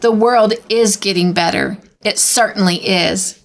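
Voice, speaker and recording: A meek but cheerful older woman, as a woman storyteller reads her, firmly insisting on the bright side. She is given a plain, mid-pitched reading voice in a storybook telling. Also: measured pace, lightly acted. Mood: hopeful. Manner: firm, hopeful. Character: cheerful, optimistic older woman, timid sister.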